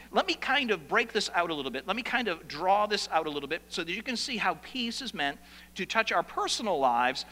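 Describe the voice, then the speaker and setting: A man preaching a sermon as the pastor of his church, with an animated delivery that stretches out key words and pauses for effect. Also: high voice, in a large hall, rough recording.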